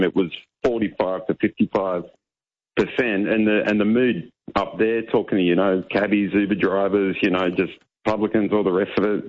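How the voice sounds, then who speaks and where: A man's voice: low voice, lo-fi sound. A man from New Zealand, calling a talkback radio show in a friendly, easygoing way. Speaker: caller.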